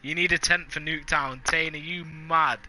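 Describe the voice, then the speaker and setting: A man's voice: on the high side, fairly even intonation, moderate pace, sharp tone. A man streaming a video game live, hyped and boastful, trash-talking and joking with his chat. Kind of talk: live gaming stream banter.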